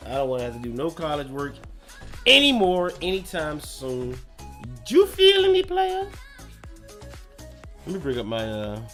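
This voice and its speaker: A young man with a gravelly, fairly low voice hangs out on his gaming live stream, faint music audible behind him. He talks loosely in slang, wandering between subjects and muttering to himself often.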